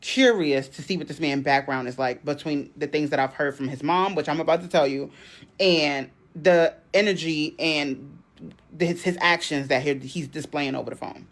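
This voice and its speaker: A woman telling a personal story casually and dramatically, jumping into high outbursts when she quotes herself. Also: moderate pace.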